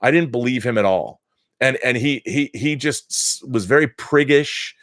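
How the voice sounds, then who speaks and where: A man's voice: medium pitch, normal speed, a bit bright, no room sound, studio quality. A middle-aged man hosting a casual live-stream chat, ranting with strong opinions and frequent restarts. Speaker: host.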